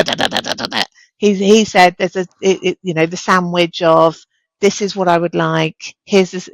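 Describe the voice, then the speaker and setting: A woman's voice: on the low side, no room sound, low-quality recording. A middle-aged woman, a chief executive, speaking as a guest in an interview, telling stories with energy and acting out the dialogue. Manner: energetic, animated storyteller, acts out quoted dialogue. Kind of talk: candid interview conversation.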